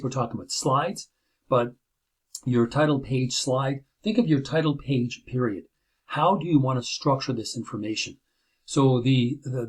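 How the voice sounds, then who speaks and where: A man's voice: mid-range voice, darkish tone, slightly rough. A middle-aged man, an instructor, gives a recorded video lecture from his chair at home, talking casually with many fillers and "right?" checks. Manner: conversational, many fillers and restarts, tag questions. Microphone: laptop built-in camera and microphone.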